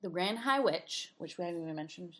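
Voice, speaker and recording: A woman's voice: on the low side, expressive, brisk, a bit bright, a little hiss or hum. A woman co-hosting a podcast, chatting casually about a movie with lots of fillers. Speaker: podcast co-host. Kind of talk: casual movie recap chat.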